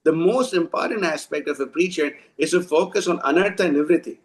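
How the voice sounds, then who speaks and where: A man with a somewhat high voice gives an informal devotional talk. He speaks bluntly and scolds his listeners. He often stops and restarts his sentences. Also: fairly quick, poor audio. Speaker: devotional preacher.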